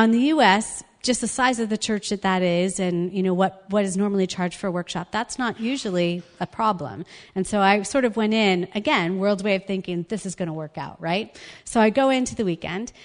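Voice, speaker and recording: A woman's voice: mid-range voice, in a large hall. A woman giving a personal testimony sermon as a guest speaker, telling her story in an earnest, conversational way.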